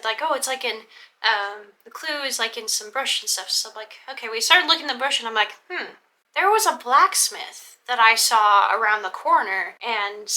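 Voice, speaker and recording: A woman's voice: on the high side, bright, forceful tone. A young woman casually recounting a role-play event, rambling with many fillers and restarts and acting out the quoted dialogue. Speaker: vlogger recounting a LARP event. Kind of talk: casual storytelling vlog narration.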